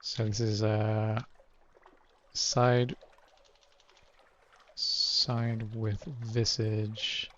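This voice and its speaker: A man's voice: fairly low pitch, flat delivery, extremely slow, pauses often, fairly bright tone, muffled recording. A man doing casual let's play commentary, thinking aloud over his choices and reading game text aloud.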